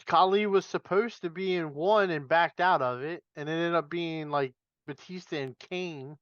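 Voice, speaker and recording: A man's voice: a little high, moderate pace, a bit bright, dry recording, highs cut off. A man hosting a podcast, leading casual wrestling chat and laughing easily. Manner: leads questions, laughs easily. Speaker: podcast host.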